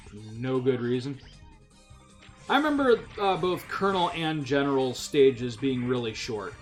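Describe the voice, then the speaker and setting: A man's voice: medium pitch, animated, a little slow, faint music behind. A man hosting a casual video game playthrough, swearing and laughing easily as he plays. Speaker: let's play host. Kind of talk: casual gaming commentary.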